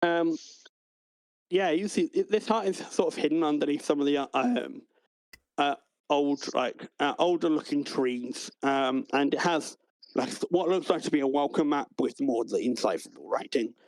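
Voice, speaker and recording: A man's voice: a little high, moderate pace, a little mellow, no room sound, poor audio. A man narrating as game master in a tabletop game, hesitant and full of fillers.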